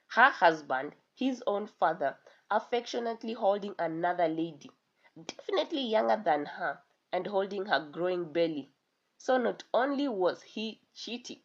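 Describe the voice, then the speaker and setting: A woman's voice: fairly low pitch, animated, moderate pace. A woman narrating a dramatic story as a storyteller, with a dull lo-fi sound.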